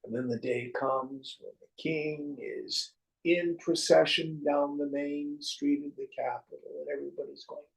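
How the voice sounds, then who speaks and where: A man teaching spiritual verses to a class, speaking slowly and with wry humor. His voice sits fairly high and carries a gravelly fry. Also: fairly even intonation, rough recording. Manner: storytelling, wry and joking.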